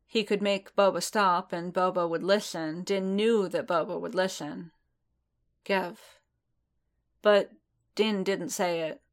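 A woman narrating a fan fiction audiobook in a measured storytelling manner. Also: on the low side, fairly even intonation.

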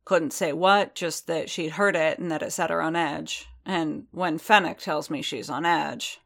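A woman's voice: sits low, steady tone, a little slow, creaky, a bit bright, exaggerated voice. A woman reading the lines of a grim, wary veteran male bounty hunter who speaks in a dry, terse, understated way.

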